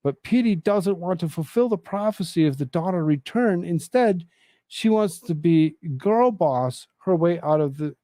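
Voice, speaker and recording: A man's voice: on the high side, mellow, no room sound. A man hosting a casual commentary show, sarcastic and exasperated as he rambles about news and viral clips.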